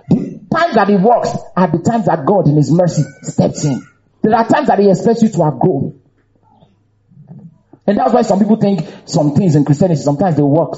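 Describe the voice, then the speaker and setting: A male preacher with a high voice that swings widely in pitch, delivering an emphatic, animated sermon. He drives his points home by repeating phrases. The recording is dull and lo-fi. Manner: animated, emphatic, bursts into shouts and laughter.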